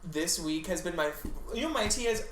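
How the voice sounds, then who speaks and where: A man's voice: sits high, animated, normal speed, a bit bright. A man co-hosting a podcast, chatting casually with campy, teasing, profane banter. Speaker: podcast co-host. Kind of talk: casual chat. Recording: echoey room with faint hiss.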